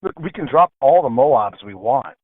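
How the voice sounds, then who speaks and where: A man's voice: mid-range voice, lively intonation, normal speed, no echo. Man on a phone-in, emphatic, repeats himself for stress, tinny phone sound. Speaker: guest, military analyst. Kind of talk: talk radio interview. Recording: phone line.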